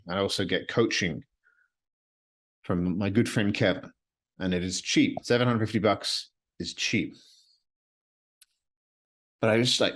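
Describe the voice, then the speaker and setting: Deep-voiced man musing on his podcast. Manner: rambling, earnest, repeats himself. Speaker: podcast host. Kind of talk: solo reflective podcast monologue. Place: his apartment at night.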